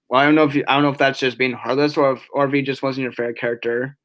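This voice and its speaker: A man's voice: mid-range voice, little pitch movement, racing, fairly bright tone. A tired young man chatting on a casual live stream, reading chat aloud and rambling with many restarts and fillers. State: yawning, tired.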